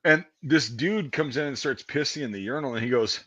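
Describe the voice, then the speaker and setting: A man's voice: mid-range voice, brisk, pushed and bright, no room sound. Profane rambling man telling a story. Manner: profane, rambling, self-deprecating. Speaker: podcast host. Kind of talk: casual storytelling.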